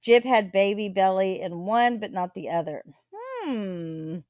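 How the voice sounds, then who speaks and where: A woman's voice: mid-range voice, measured pace, a little mellow, no echo, muffled recording. A woman hosting a casual live chat, gossiping, greeting viewers and swearing freely. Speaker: livestream host.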